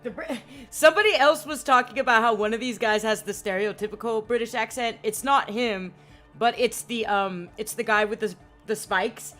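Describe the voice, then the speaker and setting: A woman's voice: a little high, fairly even intonation, normal speed, a bit bright. A young woman streaming a game, chatting casually and rambling with lots of "like" and cursing. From United States. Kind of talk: casual gaming commentary. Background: faint game music.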